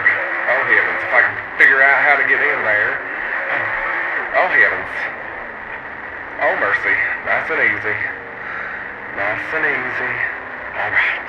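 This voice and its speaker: A man voicing a jittery, fretful stock car driver who keeps crying out in alarm. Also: on the low side. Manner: fretful, keeps exclaiming "oh heavens". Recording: dull audio under loud engine noise.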